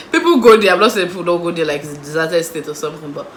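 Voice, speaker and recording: A young Nigerian woman in a casual storytime vlog, lively and acting out the people in her story. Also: fairly low pitch, quick pace, reverberant, slight background noise, rough recording. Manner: animated, acts out voices of the people in her story. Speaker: vlogger.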